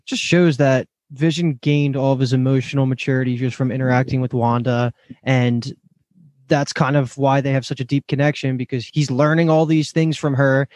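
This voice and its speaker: A man's voice: mid-range voice, steady tone, normal speed, a little mellow, dry recording. Male co-host, mid-range voice, analytical explainer, dry recording. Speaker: podcast co-host. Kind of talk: casual chat.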